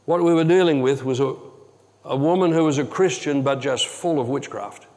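A man preaching a sermon as pastor, telling a story earnestly and dropping to a hush at tense moments. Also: medium pitch, normal speed. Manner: earnest, drops to a hushed tone for dramatic moments. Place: church hall. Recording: long hall reverb.

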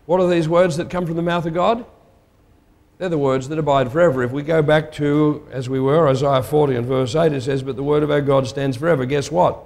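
A man's voice: a little high, steady tone, brisk, a little mellow. A man preaching a sermon in a conversational, emphatic way, putting questions to his listeners. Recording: long hall reverb.

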